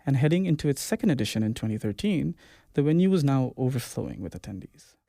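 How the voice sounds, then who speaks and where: A man's voice: mid-range voice, big pitch swings, fast, gravelly, dark tone, no echo, clean studio sound. A man hosting a podcast, interviewing a guest with brief, encouraging interjections and reading scripted intros. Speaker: podcast host.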